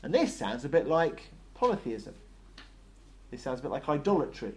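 A man's voice: mid-range voice, big pitch swings, moderate pace. A man preaching a sermon in a conversational way, often acting out short dialogues between characters.

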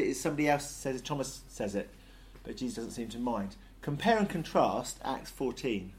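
A man leading an interactive Bible study, lively and jokey, asking the group questions. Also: mid-range voice, normal speed, hardly any pauses.

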